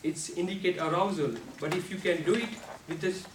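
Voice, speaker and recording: A man giving a prepared club speech on how to use the voice, speaking slowly and deliberately with non-native grammar, and now and then showing off sudden jumps in pitch and loudness. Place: meeting room. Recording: echoey room, speaker far from mic, faint noise.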